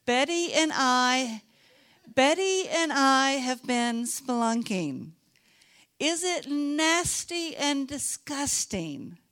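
A middle-aged woman from Texas, teaching a Bible lesson in an animated, chatty way and teasing her listeners. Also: high-pitched, drawn-out words. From Dallas, Texas. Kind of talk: sermon.

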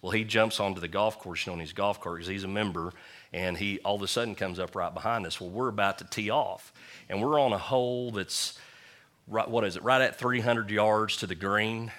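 A male preacher with a low-pitched but bright, forceful voice. He delivers his sermon in a folksy, joking storytelling way, mixing scripture with personal anecdotes. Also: a little fast. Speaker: pastor.

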